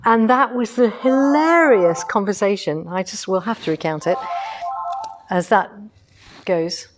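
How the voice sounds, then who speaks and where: A woman's voice: mid-range voice, measured pace, over music. A middle-aged woman chatting casually on a livestream from a quilting showroom, rambling with asides as she moves the camera on its tripod. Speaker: host of a quilting shop livestream. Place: quilting machine showroom, indoors.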